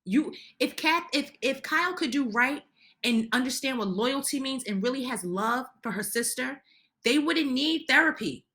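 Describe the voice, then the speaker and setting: A woman with a bright, somewhat high voice rants through a recap of a reality show. She sounds heated and indignant, tripping over restarts as she pushes her opinions. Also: expressive, normal speed. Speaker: reality TV commentator.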